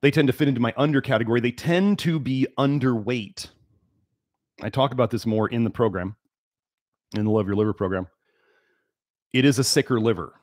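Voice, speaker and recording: A man's voice: mid-range voice, a little fast, pauses often, a little mellow, no echo, clean studio sound. A man hosting a health livestream, lecturing emphatically and repeating key words for stress. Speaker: livestream host.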